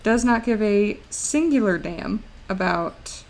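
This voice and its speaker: A woman's voice: medium pitch, lively intonation, slow pace, a little mellow. A young woman streamer chatting casually while she draws, laughing often as she talks.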